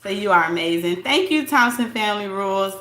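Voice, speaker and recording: A woman's voice: medium pitch, animated, fairly quick, fairly bright tone, echoey room. A woman hosting a casual live stream, talking straight to her viewers in a chatty, blunt way and reading their comments aloud. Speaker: livestream host reading chat.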